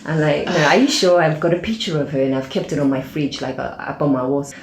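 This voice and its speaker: A low-pitched woman tells a personal story in a relaxed interview, with plenty of fillers and restarts. She acts out the lines she quotes as she goes. The room adds a noticeable echo. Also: fast talker, vocal fry, a little hiss or hum. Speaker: podcast guest, aid organization founder. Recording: roomy echo.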